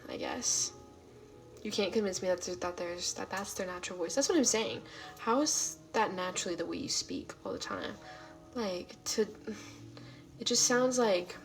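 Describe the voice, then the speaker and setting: 21-year-old californian woman livestreamer, gravelly fry, chatty and reactive, faint music behind. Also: mid-range voice. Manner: chatty, reactive, frequent fillers and trailing whispers. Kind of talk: casual livestream chat.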